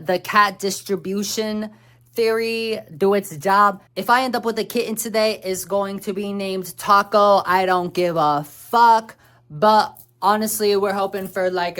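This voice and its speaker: A young woman vlogging in a casual, rambling way, full of fillers and the odd swear word, who gets soft and quiet when she opens up. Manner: drops to a soft, low voice when talking about her fears. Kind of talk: casual chatty vlog talk.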